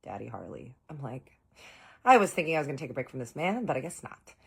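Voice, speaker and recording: A woman's voice: rumbling low, sing-song, fast, creaky, breathy edge. A woman telling a personal story in a chatty vlog style, full of fillers and asides to the viewers.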